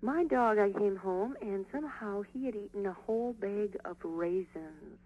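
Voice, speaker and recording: A woman's voice: medium pitch, moderate pace, husky. A chatty woman from Minneapolis phones in to a radio host and giggles between remarks. Her voice comes through a dull, muffled phone line. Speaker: caller. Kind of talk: phone-in chat.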